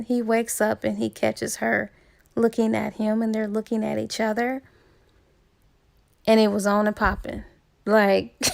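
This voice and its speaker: A woman's voice: a little high, gravelly. A woman casually retelling a romance novel's plot as a book reviewer, chatty and full of asides.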